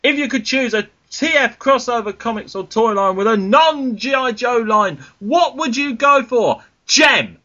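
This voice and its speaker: Guy hosting a podcast, grumpy and sweary, high lively voice, kinda muffled recording. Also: measured pace, few pauses. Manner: exasperated, grumbling, swears. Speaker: podcast host. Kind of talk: casual podcast chat. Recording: dull lo-fi podcast audio.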